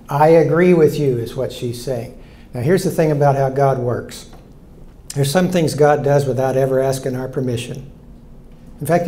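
Older male pastor, sixties, earnest storytelling sermon, mellow tone, faint room hum. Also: medium pitch, reverberant. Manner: earnest, storytelling preacher who repeats key lines.

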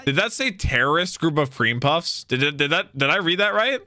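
A young man hosting a casual anime reaction, talking to himself and breaking into loud excited outbursts. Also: a little high, moderate pace.

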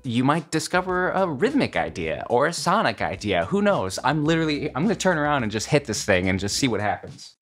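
A man's voice: medium pitch, very animated, a little fast, few pauses. Musing Midwestern man in a music studio. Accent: Midwestern American. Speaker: music video host. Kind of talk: casual, reflective music vlog talk.

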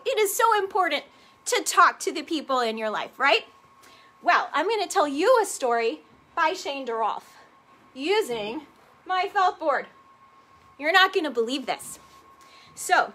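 Children's librarian, animated story-time reader, unhurried, bright tone. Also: female voice, high-pitched. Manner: animated, asks children questions. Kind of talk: preschool story time with songs. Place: model railroad museum.

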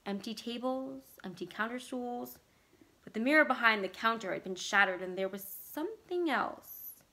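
A woman from library staff reading a horror story aloud in a measured, expressive manner. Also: a little high.

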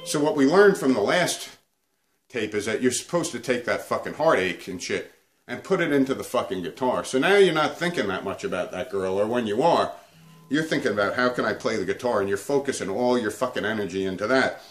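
A man's voice: fairly low pitch, animated, a little fast. A man hosting a comedic guitar video, ranting crudely and swearing nonstop. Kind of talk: profane comedic rant to camera.

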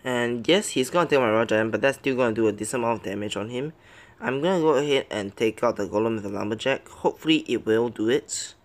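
A young man giving live gameplay commentary, excitable, muttering his plans, then pleading and yelping as matches turn. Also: mid-range voice, fast talker. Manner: excitable, swings between muttering plans and loud yelps; pleads and begs at the game. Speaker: game commentator.

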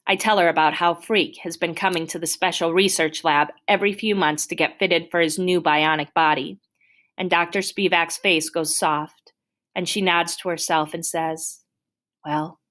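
A woman reading a novel aloud in first person with a steady, plain storytelling manner. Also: fairly low pitch. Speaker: audiobook reader.

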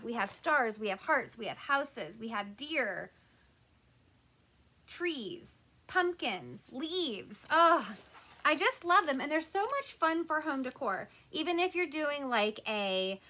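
A chatty woman hosts a live crafting stream with a high, bright voice. She greets her viewers one by one and keeps the talk light and casual.

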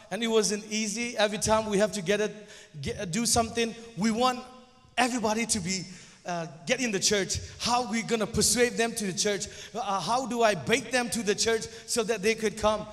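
Young male guest preacher, second-language English speaker (Zomi native), high voice, halting and nervous delivery, long church reverb. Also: fairly bright tone. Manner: hesitant, stumbling and restarting. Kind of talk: church sermon.

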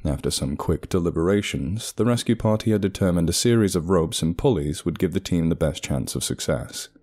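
Deep, mellow male horror narrator. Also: expressive, a little fast.

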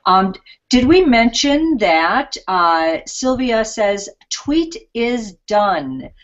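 A woman's voice: on the high side, big pitch swings, very slow, a crowd in the background. Woman co-host, easygoing, reads viewer comments aloud, slightly muffled sound. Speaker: craft show co-host reading viewer comments. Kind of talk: casual live chat.

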